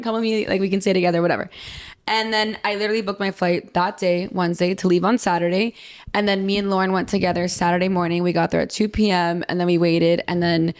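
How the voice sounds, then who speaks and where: A young woman hosts a casual podcast chat, with a voice of ordinary middle pitch. She tells her story animatedly, acting out what others said and filling it with "like". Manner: animated storytelling, acts out quotes, says "like" a lot. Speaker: podcast host.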